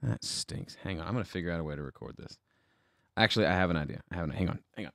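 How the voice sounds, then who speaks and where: A man with a very low, smooth voice hosts a casual livestream from his home studio. He thinks aloud as he works, rambling and poking fun at himself. The sound is dry and close. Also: very fast, a bit bright, no room sound. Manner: rambling, self-deprecating, thinks aloud while troubleshooting. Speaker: livestream host.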